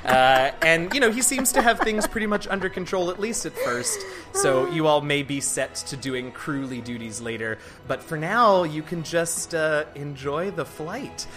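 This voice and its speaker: A man's voice: fairly high pitch, big pitch swings, normal speed, hardly any pauses. A man running a tabletop game as game master, narrating with playful asides and frequent laughter. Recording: podcast with music underneath.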